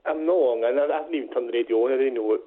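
A man's voice: mid-range voice, rapid-fire. A man calling a radio show, talking in a friendly, easygoing way. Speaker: caller. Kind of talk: phone-in chat. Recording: tinny phone line.

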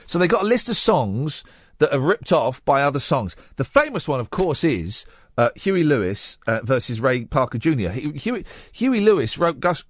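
A man's voice: husky, no room sound. A man hosting a late-night radio show in casual chat, rambling and joking. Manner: rambling, jokey, lively pitch swings. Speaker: radio host. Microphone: studio microphone.

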